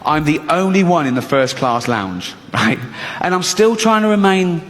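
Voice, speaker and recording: A man performing a stand-up routine, animated and acting out his inner voices in shifting tones. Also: fairly high pitch, normal speed. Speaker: stand-up comedian. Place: comedy stage. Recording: large hall with audience laughter.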